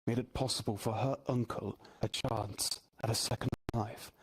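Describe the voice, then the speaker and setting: A man improvising spoken story narration in a calm, even way. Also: mid-range voice, normal speed, slightly rough. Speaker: improv performer.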